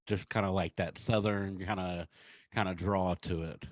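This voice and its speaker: A man with a mild North Carolina accent co-hosting a podcast, chatting casually in a relaxed, rambling way. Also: low voice, moderate pace, no room sound. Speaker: podcast co-host. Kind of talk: casual chat.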